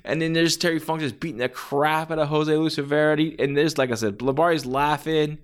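A man talking casually and at length as a wrestling fan, rambling and acting out quoted lines in a raised, shouty voice. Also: a little high, steady tone, a little fast, clear, resonant tone. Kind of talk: casual podcast-style monologue.

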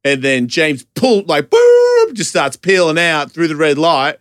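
Animated man telling a wild story. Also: a little high, unhurried, dry recording, studio quality. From Australia. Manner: animated, profane, laughing storyteller. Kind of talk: casual storytelling chat.

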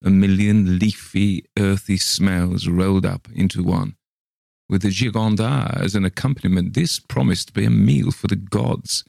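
A man's voice: low-pitched, gravelly, a little mellow, dry recording. A man reading a short story aloud in a dry, wry narrating manner.

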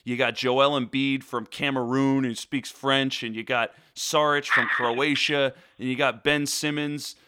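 A man chatting casually about basketball, wandering through his points with plenty of "you know." His voice is bright and forward. The recording is dry and close. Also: mid-range voice, little pitch movement, a little slow, hardly any pauses, smooth, no room sound. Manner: rambling, lots of "you know" fillers. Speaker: basketball talk co-host. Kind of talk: casual sports chat.

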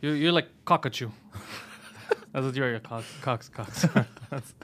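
A man hosting a podcast, joking and reacting quickly in casual chat. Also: medium pitch, fairly bright tone. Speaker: podcast host.

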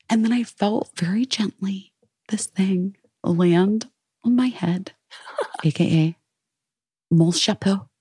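A woman co-hosting a chatty podcast, spinning an animated story and jumping into her friends' voices as she goes. She swears freely and leans on "like" all the time. Her voice sits in a middle range and sounds close and dry, with no room around it. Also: mid-range voice, measured pace, husky, no echo. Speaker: podcast co-host. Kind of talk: casual chat.

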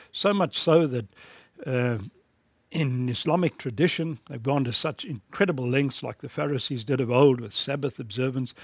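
A man's voice: medium pitch, gravelly, husky, dry recording. A man teaching a recorded course lecture in a blunt, emphatic preaching manner.

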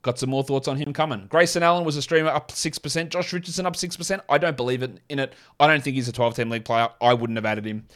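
A man's voice: mid-range voice, a bit bright. A man with a non-American accent hosting a fantasy basketball show, talking through his picks in a chatty, opinionated way. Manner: chatty, opinionated, quick asides. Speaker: fantasy basketball podcast host. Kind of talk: casual solo analysis with ad read.

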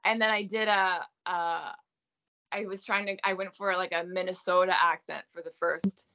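Bright, chatty French Canadian woman. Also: fairly low pitch, fairly even intonation, normal speed, muffled recording. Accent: light French Canadian. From Gaspé, eastern Quebec, Canada. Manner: chatty, self-deprecating, many fillers. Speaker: actress guest. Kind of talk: casual interview chat.

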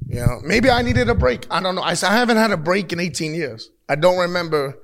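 Kinda high-voiced guy in his 30s, swears a lot, tells stories all animated and blunt. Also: quick pace, hardly any pauses. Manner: blunt, profane, animated storytelling. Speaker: pro wrestler, interview guest. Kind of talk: casual interview talk. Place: at a wrestling show taping.

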